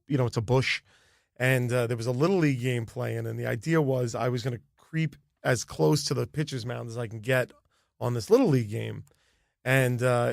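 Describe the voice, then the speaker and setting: A man's voice: mid-range voice, gravelly, no echo, clean studio sound. A man in his thirties, a guest comedian on a podcast, telling a story in chatty talk with laughing asides.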